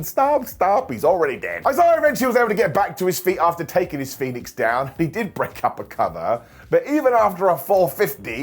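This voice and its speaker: A man's voice: on the high side, slightly rough. A man recapping a wrestling show in a comedic, jokey way, often putting on silly voices for the wrestlers and laughing between lines.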